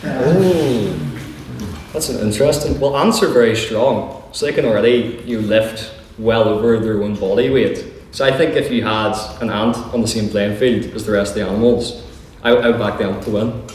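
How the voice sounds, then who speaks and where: A man's voice: lowish voice, normal speed, a little mellow. A young man, presiding over a student debating society and fielding questions with jokey, self-deprecating puns. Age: young adult. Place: large lecture hall with an audience. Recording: echoey hall from far off, noisy.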